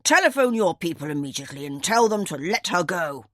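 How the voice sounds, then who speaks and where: A woman's voice: sits low, very animated, takes it slowly, gravelly, fairly bright tone, slightly rough, no room sound, full character voice. Woman reading stern elderly grandfather, audiobook, formal, indignant, dry close voice. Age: older.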